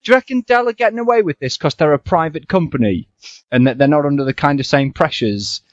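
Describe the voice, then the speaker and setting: A man's voice: a little high, brisk, no room sound. A man co-hosting a podcast, casually asking questions about the tech industry in an easygoing way. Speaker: podcast co-host. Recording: dry, dull lo-fi audio.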